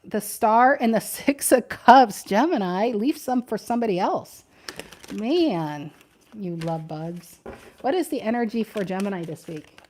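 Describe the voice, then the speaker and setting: A woman's voice: medium pitch, animated, a little slow, a little mellow, a little hiss or hum. A woman doing a casual tarot reading, chatty and thinking aloud, often repeating her questions to the cards. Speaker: tarot reader.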